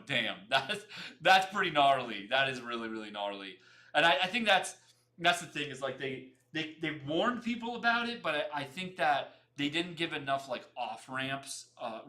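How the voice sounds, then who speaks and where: Bright fast-talking streamer guy. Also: medium pitch. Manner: talks fast, repeats phrases, chats with viewers. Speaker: livestream host. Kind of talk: casual livestream chat.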